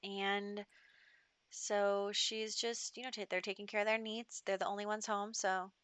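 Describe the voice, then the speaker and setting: A woman's voice: mid-range voice, level tone, a little slow, fairly bright tone, clean tone, no room sound. A woman hosting a gaming channel, narrating a life-sim storyline in a chatty way, with lots of fillers. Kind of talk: let's play narration.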